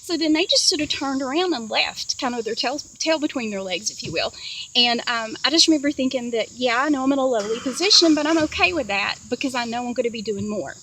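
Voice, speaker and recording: A chatty woman with a slightly high voice tells a long story in a rambling way. She is sitting in a parked car and talks into a handheld phone camera. Faint hiss and insect noise sit behind her voice. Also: animated, fast, pushed and bright, rough recording. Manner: chatty, rambling, many fillers and asides. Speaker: vlogger sharing dreams. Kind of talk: casual storytelling vlog. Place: inside a parked car on a hot day.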